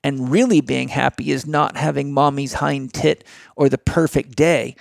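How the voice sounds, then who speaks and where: A man's voice: medium pitch, normal speed, creaky, no echo, studio quality. A middle-aged man speaking as a guest in a blunt, emphatic motivational talk.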